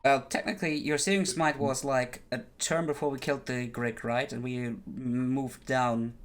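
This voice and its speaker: A man in a casual online tabletop game, talking in an ordinary mid-range voice. He walks the other players through movement and action rules in a relaxed, helpful way. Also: medium pitch, normal speed.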